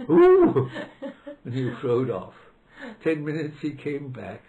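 A man's voice: medium pitch, a little slow, phone-quality sound. An older man whose first language is not English, recalling colleagues in an oral history interview with frequent hesitations. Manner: hesitant, anecdotal, acts out quotes in raised voice. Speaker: interviewee, retired law professor.

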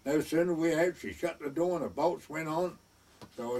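Older man, husky yarn-spinner, chuckles, mimics the people he quotes; mic set well back. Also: medium pitch, normal speed, darkish tone, distant mic. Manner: chuckling, acts out quoted voices. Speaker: oral history storyteller. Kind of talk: reminiscing anecdote.

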